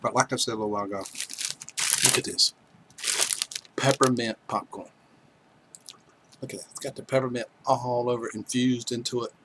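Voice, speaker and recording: A man's voice: medium pitch, steady tone, normal speed, pauses often, noisy background. A man hosting a livestream, chatting casually and joking with viewers as he reads their names aloud. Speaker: livestream host. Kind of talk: casual chat with live viewers.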